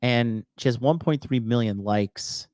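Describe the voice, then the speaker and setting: A man's voice: mid-range voice, unhurried, a little mellow, no echo, studio quality. Blunt, swearing man giving dating commentary. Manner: blunt, swears often, repeats phrases. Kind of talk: casual solo commentary.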